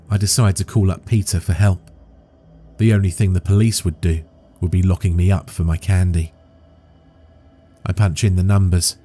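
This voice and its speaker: A man reading a first-person horror story aloud in a slow, steady storytelling way. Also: sits low.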